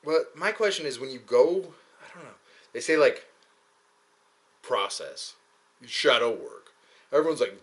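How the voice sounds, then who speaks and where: Young guy rambling and cursing, jokey, bouncy voice, bright tone. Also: mid-range voice, very animated, moderate pace. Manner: profane, joking, goes into mocking quoted voices. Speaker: podcast host. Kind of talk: casual rambling monologue.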